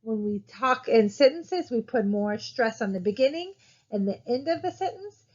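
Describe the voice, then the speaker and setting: A woman's voice: fairly high pitch, expressive, normal speed, darkish tone. A woman giving a recorded college lecture in a casual, conversational way, with frequent fillers and "right?" tag questions. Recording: dull lo-fi recording.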